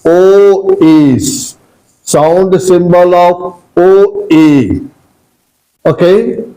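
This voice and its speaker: A man teaching English pronunciation, repeating sounds slowly and giving Hindi meanings. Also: high-pitched, mellow, rough recording. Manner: slow, repetitive drilling of sounds, mixing Hindi glosses. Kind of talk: pronunciation lesson.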